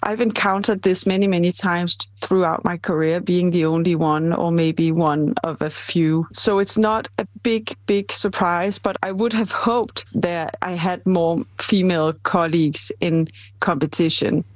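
A middle-aged woman from Denmark, a film director answering interview questions in a thoughtful, measured way. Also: fairly low pitch, no echo. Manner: thoughtful, measured, with some fillers.

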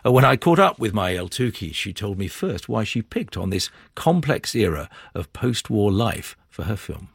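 A man interviews a guest in a broadcast studio, his low voice gravelly and a little husky. He talks conversationally and restarts sometimes. The sound is dry and close. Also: big pitch swings, no room sound. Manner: conversational, halting restarts when asking questions. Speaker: radio interviewer.

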